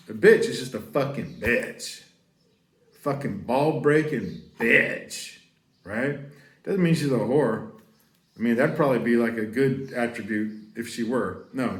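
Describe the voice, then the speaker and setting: An American man giving a casual, profane French lesson, rambling with laughs and shouting out example curses. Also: lowish voice, roomy sound. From United States. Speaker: French teacher.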